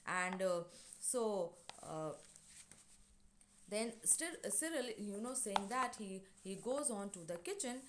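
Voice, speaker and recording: A woman teacher explaining a lesson online, retelling and paraphrasing in a hesitant, halting way. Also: medium pitch, expressive, noisy background. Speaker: English teacher. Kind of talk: online class lecture.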